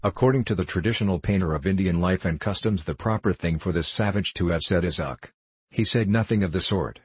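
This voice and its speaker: Male audiobook narrator: measured, low and husky, dry. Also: no echo. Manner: measured storytelling. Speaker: audiobook reader.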